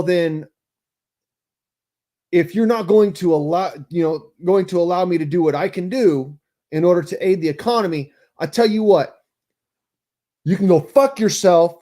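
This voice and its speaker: A man's voice: high voice, mellow. A man ranting angrily and profanely on a live stream, bitter and heated. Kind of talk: angry live-stream rant.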